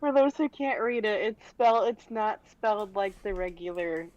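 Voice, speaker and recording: A woman's voice: mid-range voice, animated, normal speed, a little mellow. A woman co-hosting a comedy podcast, chatting casually and giggling often. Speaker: podcast co-host. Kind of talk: casual chat. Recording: dull lo-fi mic.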